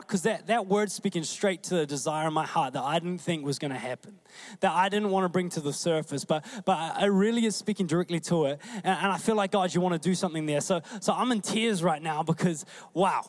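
A man with a New Zealand accent preaching a sermon in a conversational, animated way, often acting out the voices he quotes. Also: sits high, brisk.

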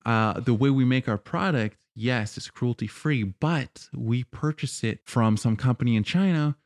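A man in casual podcast talk, explaining his point in a measured way and walking through examples with some fillers. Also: medium pitch, no echo, clean studio sound. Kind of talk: casual chat.

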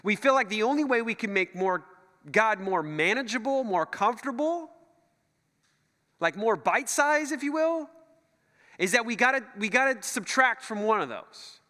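Lively high-voiced man preaching in a church hall. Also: normal speed. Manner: animated, jokey, acts out quoted voices. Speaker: pastor. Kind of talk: sermon.

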